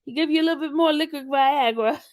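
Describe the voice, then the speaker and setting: A woman commentating casually to her viewers, animated and laughing often, calling them y'all. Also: high voice, quick pace. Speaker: commentary channel host.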